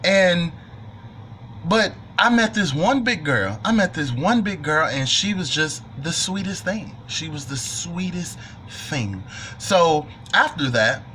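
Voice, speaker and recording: Young male vlogger, bright and fairly high voice, animated joking storyteller. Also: slow pace, a little hiss or hum. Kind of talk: storytime monologue.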